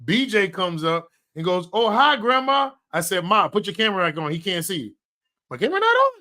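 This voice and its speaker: A high, bright-voiced man co-hosting a casual podcast chat. He tells family stories excitedly and mimics his mom's lines along the way. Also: brisk. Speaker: podcast co-host.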